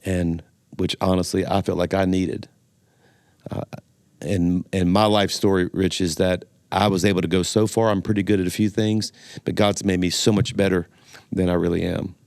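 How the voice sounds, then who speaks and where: A man's voice: low-pitched, flat delivery, normal speed, a little mellow, dry recording, clean studio sound. A middle-aged man from Louisiana, a pastor and guest telling folksy stories in a casual interview. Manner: folksy storyteller, laughs easily.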